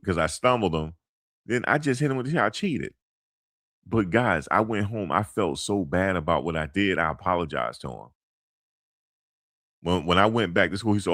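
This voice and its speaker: A man's voice: sits low, sing-song, normal speed, a bit bright, no echo. A middle-aged man talking casually into a close mic, rambling through a personal story in loose street slang with lots of fillers and restarts. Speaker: commentator.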